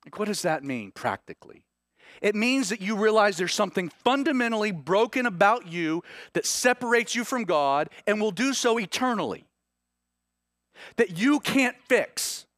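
Dramatic Southern preacher, high-pitched voice. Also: male voice, expressive, normal speed, no echo, clean studio sound. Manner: dramatic, swings between hushed and rising urgency. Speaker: pastor. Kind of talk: sermon.

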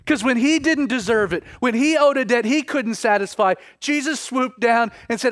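High-voiced man preaching a dramatic sermon. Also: moderate pace, hardly any pauses, a bit bright, no room sound, studio quality. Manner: dramatic preaching, voices scripture figures with rising intensity. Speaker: pastor.

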